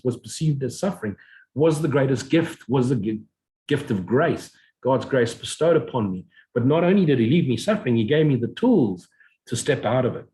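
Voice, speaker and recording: A middle-aged man giving a reflective spiritual talk as a teacher, slowly repeating affirmations in a meditative way. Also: medium pitch, mellow, rough recording. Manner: slow, meditative repetition of affirmations.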